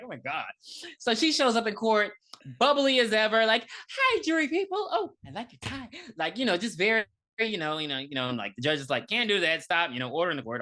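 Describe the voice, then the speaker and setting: A woman co-hosting a casual movie podcast, with a low voice that swings widely in pitch. She retells the plot with plenty of swearing and quick acted-out lines. Her tone stays bright and clear. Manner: animated, swearing, acts out characters in funny voices. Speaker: podcast co-host. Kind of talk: casual film review chat.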